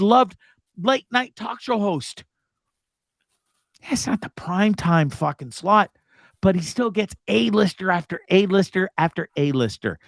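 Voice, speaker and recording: A man's voice: high voice, gravelly, dry recording, studio quality. A man hosting a live talk show, ranting casually with lots of profanity. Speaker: host.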